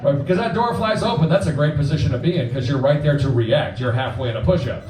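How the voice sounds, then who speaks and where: A man's voice: on the high side, crowd noise. Crude stand-up comedian man in a club. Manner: crude, punchy, acts out quick voices. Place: comedy club stage before a live audience. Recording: roomy club sound from a distance, audience laughter.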